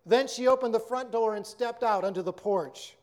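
A preacher telling a story and then giving a sermon in an earnest, measured way. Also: male voice, high-pitched.

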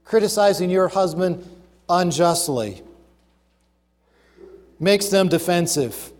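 High-voiced man preaching in a reverberant hall. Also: darkish tone. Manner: emphatic, listing numbered points and slowing down on key phrases. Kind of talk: sermon.

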